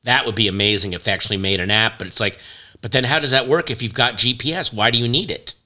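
A man's voice: medium pitch, fast talker, bright, forceful tone. A middle-aged man co-hosting a casual chat, rambling into comic riffs and cutting himself off. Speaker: podcast co-host.

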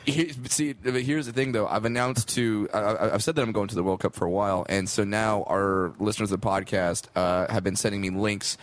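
A man's voice: on the low side, steady tone, brisk, few pauses, dry recording. A man co-hosting a casual podcast, joking and playful. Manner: joking and playful, slips into silly put-on lines. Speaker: podcast co-host.

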